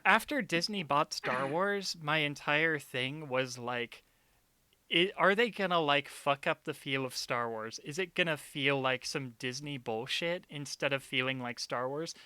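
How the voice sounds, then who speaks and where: A man's voice: on the high side, unhurried, clean tone, dry recording. A young man on a stream, ranting about a film in casual chat, sarcastic and swearing often. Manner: animated, sarcastic, swears a lot. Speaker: streamer, co-host.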